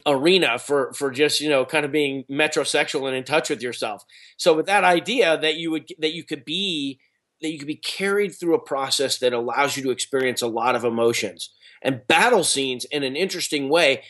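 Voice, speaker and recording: A man's voice: a little high, fairly bright tone. A middle-aged man who is an actor and speaker, telling stories in a rambling, casual way, full of restarts and fillers. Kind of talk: casual interview talk.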